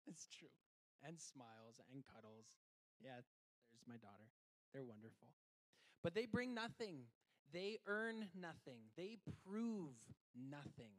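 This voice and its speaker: A man preaching a sermon, earnest and reflective, dropping to quiet, slow lines and then rising into emphatic bursts. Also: on the high side, poor audio.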